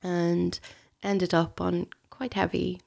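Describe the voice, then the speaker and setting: Soft-spoken woman with a gravelly edge. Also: fairly low pitch, flat delivery, slow pace. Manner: soft, hesitant, often breathy and near-whispered. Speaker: guest sharing a personal story. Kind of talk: intimate conversation.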